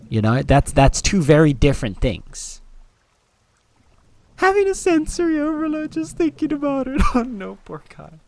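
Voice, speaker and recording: A man's voice: fairly high pitch, very animated, a little slow. A man streaming a game and chatting casually with his audience, playful and teasing, laughing often. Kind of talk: casual live-stream chat.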